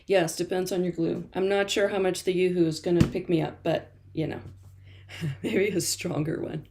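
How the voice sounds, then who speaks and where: A woman's voice: lowish voice, steady tone, moderate pace, gravelly, a little mellow, slight background noise. Chatty woman teaching art journaling live. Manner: chatty and encouraging, reads out viewer comments; laughs often. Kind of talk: live-stream crafting demo. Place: studio.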